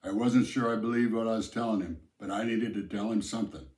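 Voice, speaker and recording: A man narrating a novel aloud in the first person, telling the story in a measured, plain way. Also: on the low side, darkish tone. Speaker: audiobook narrator. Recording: roomy echo.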